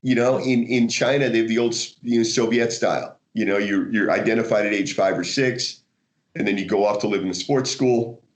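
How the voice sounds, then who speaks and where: An American man, a guest author in a casual interview, telling animated stories with frequent laughter and restarts. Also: fairly low pitch, a little fast. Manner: animated storyteller, laughs often, many restarts. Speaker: guest, martial arts author.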